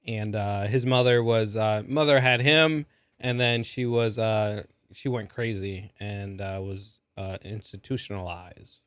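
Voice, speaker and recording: A man's voice: fairly low pitch, steady tone, unhurried, fairly bright tone, smooth, no room sound. A man co-hosting a podcast, recapping a movie in a rambling, casual way with lots of fillers. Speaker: podcast co-host. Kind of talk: casual movie review chat.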